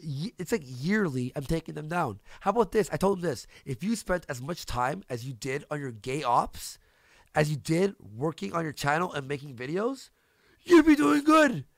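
A man's voice: on the high side, very animated, normal speed, no echo, studio quality. A man, a streamer hosting the show, ranting in heated casual chat, profane and repeating himself. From Canada. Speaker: streamer host.

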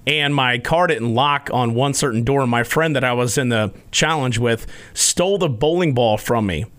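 Animated male storyteller on a podcast. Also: medium pitch, moderate pace. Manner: animated storyteller, acts out quotes. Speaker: podcast regular. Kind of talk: casual storytelling.

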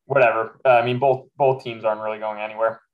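A man co-hosting a sports podcast in relaxed, matter-of-fact casual chat. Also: on the low side, fast, dull audio. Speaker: podcast co-host.

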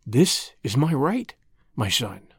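A narrator voicing a loving, determined middle-aged mother who speaks softly and tenderly. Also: medium pitch, wildly swooping pitch, moderate pace, no echo, studio quality. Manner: soft, tender. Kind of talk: reading a classic short story aloud.

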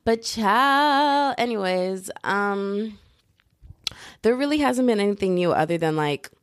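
A woman's voice: medium pitch, unhurried, no echo, clean studio sound. A young woman hosting her own podcast from home, chatting in a bubbly, rambling, jokey way full of slang. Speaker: podcast host. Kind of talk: casual solo podcast chat. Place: indoors, at home.

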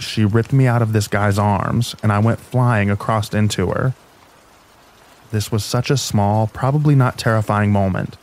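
Low-voiced man narrating calmly over rain. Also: low-quality recording. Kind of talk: calm scripted narration of sleep stories. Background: rain sounds.

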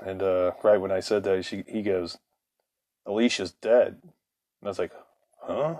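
A man's voice: low-pitched, flat delivery, moderate pace, mellow, no echo. Laid-back man telling a rambling story. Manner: casual, profane, laughs often, quotes others. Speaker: podcast host.

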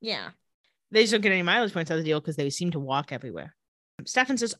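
Bright, lively woman podcast co-host. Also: lowish voice, dry recording, clean studio sound. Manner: sarcastic asides while retelling scenes, quick laughs. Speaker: podcast co-host recapping an episode. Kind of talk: casual chat.

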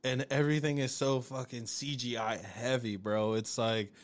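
A man's voice: medium pitch, level tone, normal speed. A man in casual podcast chat who rambles through his thoughts, swearing casually. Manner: rambling, many fillers and restarts, swears casually.

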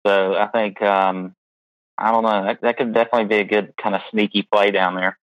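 A man co-hosts a casual podcast in a lowish voice. He is easygoing and a little hesitant. The sound is dry and slightly dull. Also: flat delivery, brisk, fairly bright tone, dry recording. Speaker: podcast co-host.

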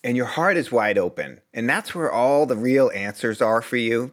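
A man's voice: mid-range voice, moderate pace, few pauses, fairly bright tone. A man from Boston, a breathwork instructor, talking bluntly and earnestly in a conversational interview. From Boston, US East Coast.

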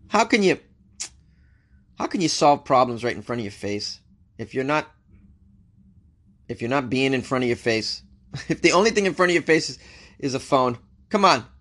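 A slightly high, fairly bright voice belongs to an American man hosting a news show. He reads stories out loud and keeps cracking wry jokes about them, replying to the news in a relaxed commentary style.

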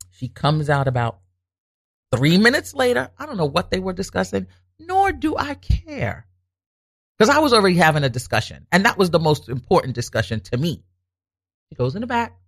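A woman telling a personal story in a casual monologue, animated and emphatic, acting out the other people's lines as she goes. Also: lowish voice, no echo, clean studio sound. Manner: animated, acts out quoted dialogue, emphatic repetition.

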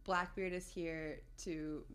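A woman's voice: on the low side, little pitch movement, takes it slowly, fairly bright tone. A woman co-hosting a podcast, chatting enthusiastically about a TV show and quoting favorite lines with frequent laughs. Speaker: podcast co-host. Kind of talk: casual chat about a TV show.

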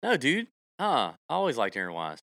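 A man's voice: medium pitch, wildly swooping pitch, fairly quick, vocal fry, a bit bright, no room sound, clean studio sound. A man hosting a golf betting podcast, rambling through announcements and joking with his co-host. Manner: rambling, jokey, salesy announcements. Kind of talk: casual podcast chat.

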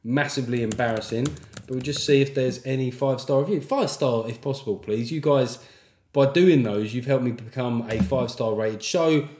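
A man's voice: mid-range voice, a little mellow. Sweary joking British man, roomy sound. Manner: sweary, jokey, slips into mock accents. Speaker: podcast host. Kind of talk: casual comic monologue.

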